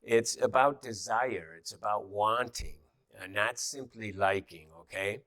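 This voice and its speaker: A man's voice: lowish voice, a little slow, fairly bright tone, no room sound. A middle-aged man teaching a class in an easy, conversational way, with many fillers and restarts and little acted-out quotes.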